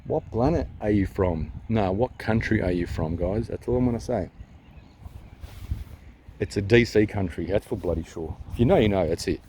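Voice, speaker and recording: A man with an Australian accent ranting to his vlog camera while holding it, swearing and repeating himself, going from loud to hushed. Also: lowish voice, normal speed, a little hiss or hum. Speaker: vlogger. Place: outdoors near a town. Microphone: handheld camera at arm's length.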